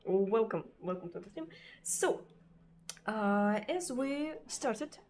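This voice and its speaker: A woman with a Russian accent, a native Russian speaker, chatting casually with viewers on a live stream. She hesitates often, repeating words and filling pauses. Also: medium pitch, lively intonation, a little mellow, slight background noise. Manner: hesitant, many fillers and repeated words, frequent laughs.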